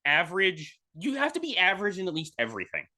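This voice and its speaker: A man's voice: high-pitched, wildly swooping pitch, quick pace, crowd noise. A man co-hosting a casual sports podcast, talking in rambling runs full of fillers and restarts. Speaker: podcast co-host.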